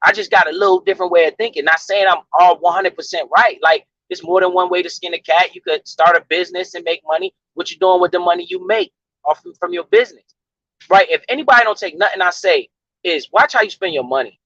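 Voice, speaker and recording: A man talks in a high, sharp voice, ranting to his stream with profanity and a preachy emphasis. The sound is dull and lo-fi, recorded dry and close with no room around it. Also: quick pace, dry recording. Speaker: livestream host. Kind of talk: casual livestream rant about money.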